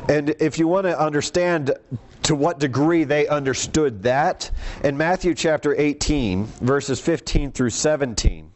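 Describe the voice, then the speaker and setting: A man's voice: on the high side, measured pace, darkish tone, slight background noise. A man preaching a sermon, reading scripture aloud and explaining it in a conversational way. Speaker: pastor.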